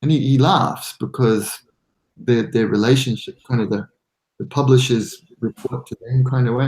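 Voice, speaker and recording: A man's voice: medium pitch, moderate pace, darkish tone. An Australian man, a guest on a hobby podcast, telling long stories in a casual, rambling way with many restarts and self-deprecating laughs. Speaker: guest modeler.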